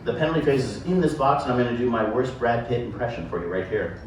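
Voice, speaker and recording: A man's voice: medium pitch, fast talker, a crowd in the background. A man doing live sideshow stage patter with a volunteer, joking and self-deprecating as he rambles through his act. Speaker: sideshow performer. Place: live show venue with audience. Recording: echoey room, distant mic, background noise.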